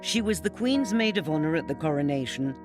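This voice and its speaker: Male documentary narrator, measured and scripted, over music. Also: a little high. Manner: measured, even storytelling.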